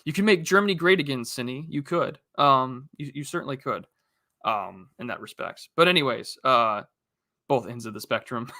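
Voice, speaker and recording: Bright-voiced man rambling on a livestream. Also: medium pitch, expressive, normal speed, dry recording, clean studio sound. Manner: rambling, frequent fillers and restarts, reads chat aloud. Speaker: livestream host. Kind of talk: casual livestream chat.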